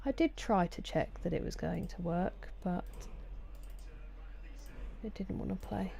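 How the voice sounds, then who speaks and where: Low, mellow Sussex woman streaming. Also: unhurried, vocal fry. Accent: Sussex English. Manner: chatty, greets viewers by name. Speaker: game streamer. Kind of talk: casual live-stream chat.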